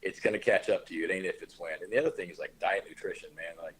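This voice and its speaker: A man's voice: sits low, racing, slight background noise, rough recording. A man hosting a casual podcast chat, giving laid-back, coach-like advice full of slang. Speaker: podcast host.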